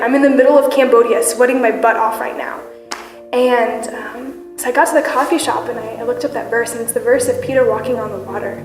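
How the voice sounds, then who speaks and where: Young woman sharing her testimony in a church. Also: high voice. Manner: earnest, candid, with frequent fillers. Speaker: church member giving testimony. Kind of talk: personal testimony. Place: church hall. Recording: echoey church hall with music.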